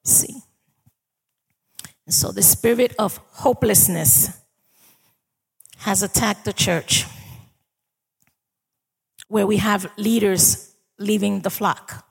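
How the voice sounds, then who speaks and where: Woman preacher, slow and husky, chatty sermon delivery, long hall echo. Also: mid-range voice, fairly even intonation. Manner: conversational preaching, asks the congregation for agreement. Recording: long reverb of a large hall.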